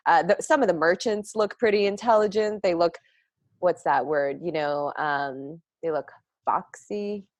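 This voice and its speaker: Low-voiced woman game master narrating. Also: unhurried, no echo. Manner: descriptive, chatty, with fillers.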